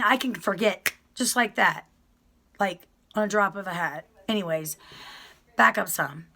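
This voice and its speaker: A woman's voice: fairly high pitch, creaky, pushed and bright. A middle-aged woman telling her story to viewers in a chatty, rambling way, often apologizing and restarting her sentences. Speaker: vlogger sharing her prison experience.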